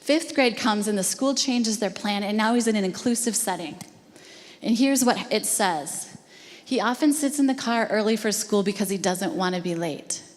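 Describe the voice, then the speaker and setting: A woman's voice: medium pitch, moderate pace. A woman telling an earnest, emotional story to a live audience at an education talk. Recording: long hall reverb.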